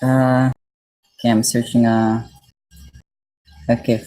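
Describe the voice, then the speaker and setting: A man's voice: mid-range voice, little pitch movement, slow, warm tone, low-quality recording. A man from Mexico streaming live, reading dictionary definitions aloud and breaking off to chat casually with his viewers.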